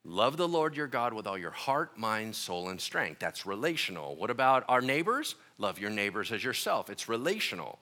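Casting note: male pastor, young adult, lively sermon delivery, bright forceful tone, swings widely in pitch. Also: moderate pace, few pauses. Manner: animated, joking storyteller with voiced asides.

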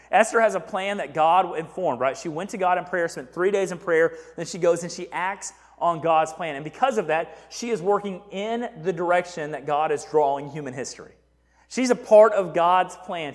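A man preaching as a pastor in a casual, animated sermon who often checks in with "right?". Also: fairly high pitch. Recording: echoey hall reverb.

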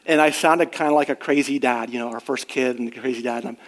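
A man's voice: medium pitch, steady tone, fast talker. A middle-aged man preaching a sermon in an earnest, conversational way, rising on emphatic questions and sharing personal stories. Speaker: pastor.

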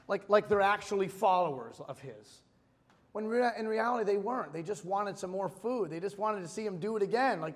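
A man's voice: high-pitched, expressive, fast talker. A man in his thirties preaching a casual, conversational sermon, telling stories and repeating phrases for emphasis. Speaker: pastor. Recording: long hall reverb.

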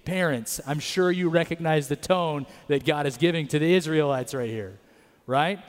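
A man with a fairly high voice preaches to his congregation, keeping it conversational with little tag questions. He acts out scripture and God's replies playfully, and his voice rings with the long reverb of a big sanctuary. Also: moderate pace. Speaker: pastor. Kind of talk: sermon.

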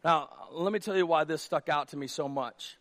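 A male pastor preaching a sermon from a church stage, with a conversational manner that moves from a hush to near shouts. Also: on the high side, moderate pace. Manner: conversational, drops to a hush for acted dialogue, then rises to near shouts.

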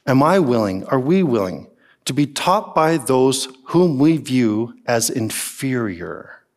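A male pastor preaching a sermon, animated and emphatic, with many rhetorical questions to the congregation. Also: mid-range voice, slow pace.

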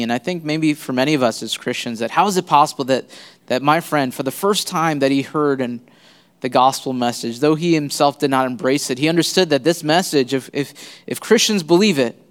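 Halting man preaching in a reverberant church. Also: mid-range voice, smooth. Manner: halting, many fillers and restarts. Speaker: guest pastor. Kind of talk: sermon. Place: church sanctuary.

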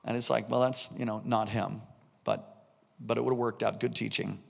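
A man preaching a sermon, telling a personal story and acting out the dialogue, swinging from shouts to hushed tones. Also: mid-range voice, fairly even intonation, moderate pace, vocal fry, big-room sound.

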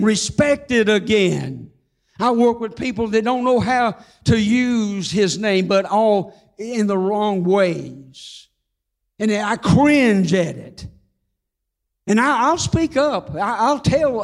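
An older man preaching with a strikingly high voice. He tells his testimony in a folksy, humorous way and slows to a fervent crawl on the words he wants to land. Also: animated, gravelly. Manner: fervent, slows down on key phrases. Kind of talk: sermon with personal testimony.

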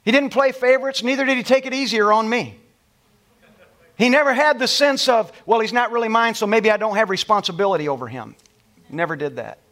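A middle-aged man preaching, telling a family story from the pulpit with emotion and dropping to soft, quiet tones at tender moments. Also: sits high, brisk. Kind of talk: sermon storytelling.

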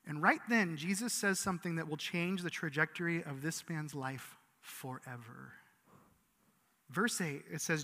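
Bright-voiced man preaching. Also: fairly high pitch, a little slow. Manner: earnest, conversational preaching with frequent restarts. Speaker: pastor. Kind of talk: sermon. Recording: long reverb of a large hall.

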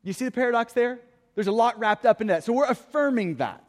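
A man's voice: very high voice, expressive, quick pace, in a large hall. A man preaching a sermon as pastor, earnest, often repeating the first word of a phrase. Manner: earnest, repeats words when starting phrases. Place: church hall.

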